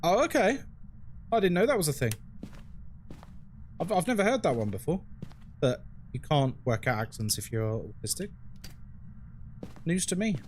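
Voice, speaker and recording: A man's voice: on the high side, big pitch swings, normal speed, pauses often, darkish tone, slight background noise. A man with a London accent, chatting frankly on a live game stream and answering his chat as he plays. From England.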